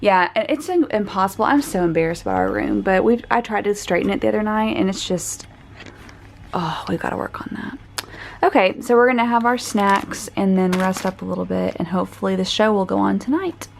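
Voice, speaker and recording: A woman's voice: medium pitch, animated, brisk, gravelly, a little hiss or hum. A young American woman chatting enthusiastically with many fillers as she films a travel vlog. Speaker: travel vlogger. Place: out of doors in a park and city.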